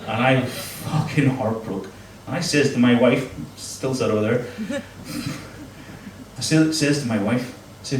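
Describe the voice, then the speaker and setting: A man's voice: medium pitch, a little slow, slight background noise. A middle-aged man doing a crude, self-mocking stand-up set on a club stage with a handheld mic. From Northern Ireland. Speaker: stand-up comedian. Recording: echoey club room, mic heard from a distance.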